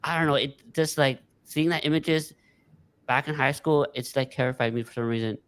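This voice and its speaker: Male guest from California, plain mid-range voice, earnest and halting. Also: medium pitch, fairly bright tone, clear, resonant tone. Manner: candid, hesitant, with uh's and restarts. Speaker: podcast guest. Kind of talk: casual chat.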